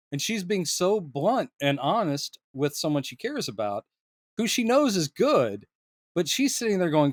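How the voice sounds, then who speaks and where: A man with a high voice co-hosts a casual film discussion podcast, recorded without echo. He is animated, laughs often, and readily acts out the lines he quotes.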